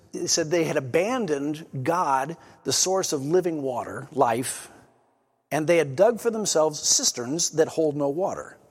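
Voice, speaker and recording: Man, pastor, sermon, earnest teaching tone, fairly high voice, long hall reverb. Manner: earnest teaching preacher, reads scripture aloud with emphasis.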